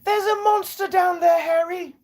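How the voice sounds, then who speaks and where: Breathless schoolgirl wizard with a mock English accent, squeaky and high, as a man puts her on. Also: fairly even intonation, moderate pace, a little mellow. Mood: urgent. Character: earnest young English schoolgirl wizard, urgent.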